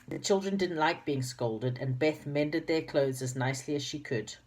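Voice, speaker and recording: A woman's voice: low voice, moderate pace, a little mellow. A woman reading a children's book aloud, with chatty asides and small slips. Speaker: reader.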